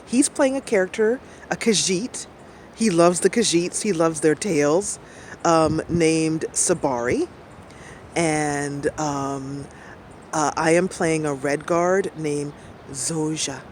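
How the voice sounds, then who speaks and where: A woman's voice: deep voice, slow, darkish tone. A middle-aged woman talks in a loose, rambling way, laughing often between thoughts. She is outdoors, and a faint hum of passing traffic sits under her voice. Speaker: streamer. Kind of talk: casual chat.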